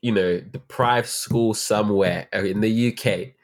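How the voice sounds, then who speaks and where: A man's voice: lowish voice, fairly even intonation, measured pace. A young man who works as a teacher, talking earnestly and reflectively in a casual interview, with many fillers and restarts. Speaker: teacher, guest.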